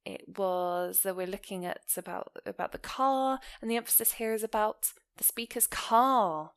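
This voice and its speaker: A woman explaining English grammar in an online lesson, speaking clearly and pausing to ask the listener questions. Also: mid-range voice. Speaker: English teacher.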